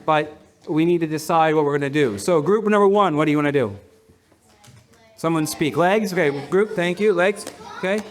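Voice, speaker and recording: Pastor, male, high voice, leads a clapping game with the congregation, playful and laughing. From United States. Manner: playful, laughing, counting in the crowd. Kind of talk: leading a congregation in a rhythm game. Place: church hall with a congregation.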